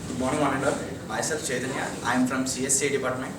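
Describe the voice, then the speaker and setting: A man's voice: mid-range voice, level tone, fast. A young man presenting in class, spelling words in a hesitant recital with fillers. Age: young adult. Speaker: student presenter. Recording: echoey classroom from far off, noisy.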